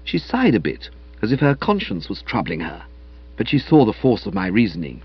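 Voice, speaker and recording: A man narrating a comic novel aloud in a wry, lively storytelling manner. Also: on the low side, normal speed, husky, dry recording, muffled recording. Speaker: audiobook narrator.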